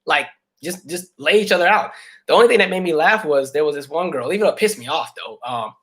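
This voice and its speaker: A man in his thirties hosts a casual livestream and tells stories to his viewers with plenty of fillers. His voice sits a bit high and sounds bright and forward. He keeps it loose and animated. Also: fast. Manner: animated storytelling, many fillers. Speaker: livestream host.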